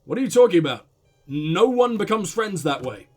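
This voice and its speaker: Impatient detective, blunt and probing, read by a man; animated delivery. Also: sits high, normal speed, faint music behind. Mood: pressing, impatient.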